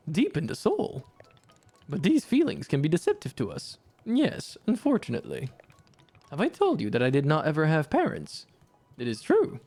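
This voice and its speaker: Streamer doing a gentle old worker voice. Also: mid-range voice, no echo. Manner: formal, odd phrasing, refers to himself by name. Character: gentle old male tea-shop worker. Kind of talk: voicing game dialogue while streaming.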